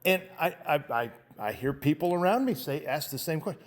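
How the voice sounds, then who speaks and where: A man in his fifties delivers an emphatic commentary monologue as host. His voice sits a little high for a man. He often trips over his words and starts his sentences again. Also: animated, brisk, few pauses. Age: 50s. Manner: impassioned, emphatic, restarts often. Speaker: show host.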